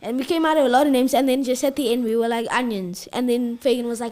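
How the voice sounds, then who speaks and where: High-voiced teenage girl hosting a podcast. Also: a little fast, few pauses, a little mellow. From South Africa. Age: teens. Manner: rambling, restarts, laughs often. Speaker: student podcast host. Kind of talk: casual group chat.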